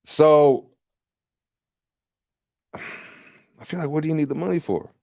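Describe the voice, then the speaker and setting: A man's voice: fairly high pitch, fairly even intonation, takes it slowly, gravelly, warm tone, no echo, clean studio sound. A man hosting a livestream, ranting in a rambling, profane and sarcastic casual way. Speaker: livestream host and candidate.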